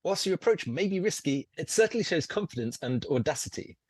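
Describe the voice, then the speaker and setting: A man puts on a genial elderly showman with a theatrical, sweeping delivery. The voice sits well above his usual pitch, with a husky grain and lively ups and downs. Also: a little fast, no room sound. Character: John Hammond impression, genial elderly male park founder.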